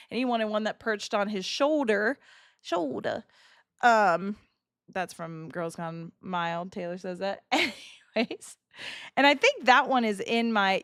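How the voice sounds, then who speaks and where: A woman in her thirties chatting casually to a live chat, telling a story with laughs and quick asides. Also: medium pitch, a bit bright, clear, resonant tone, no room sound, studio quality. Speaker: streamer.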